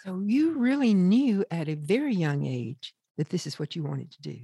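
A woman's voice: fairly low pitch, sing-song, normal speed, creaky, mellow, husky, dry recording, studio quality. A woman hosting an interview, introducing her guest and reacting with encouragement. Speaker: host. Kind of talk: interview host.

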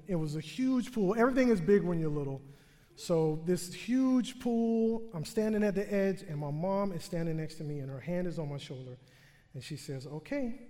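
Brief: male stage storyteller, funny and self-deprecating, voice ringing through a big theater. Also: sits high. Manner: humorous, self-mocking, animated delivery. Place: theater stage before a live audience. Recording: long theater hall reverb.

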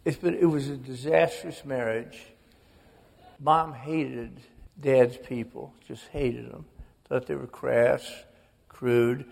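A man in his sixties from the American South, an author telling lively family stories as an interview guest, sometimes slipping into quoted voices. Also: medium pitch, slow, vocal fry, long reverb tail. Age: 60s. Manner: animated storyteller, slips into quoted voices. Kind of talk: storytelling interview.

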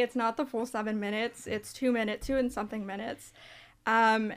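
A woman hosting a radio talk show, introducing guests and asking questions in a friendly, upbeat way. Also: on the high side. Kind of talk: radio interview.

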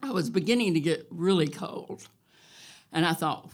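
A woman telling a true story on stage at a live event, wry and animated. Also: low-pitched, normal speed, breathy edge. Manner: wry and animated, loud cattle calls.

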